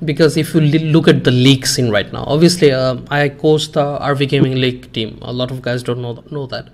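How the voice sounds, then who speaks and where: Fast-talking man, code-switching. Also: mid-range voice, fairly even intonation. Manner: fast, switching between English and Bengali, many fillers. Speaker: podcast host and coach. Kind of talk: casual streamed chat.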